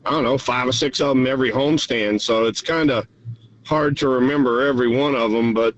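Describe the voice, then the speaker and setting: A man tells his story in an easygoing drawl. His voice sits at an ordinary pitch and comes over a dull, lo-fi remote line. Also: a little fast, slight background noise. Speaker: guest.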